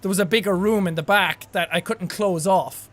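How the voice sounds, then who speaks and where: An Irish man casually reacting to his old videos, excitable and self-deprecating, with quick exclamations. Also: high-pitched. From Ireland.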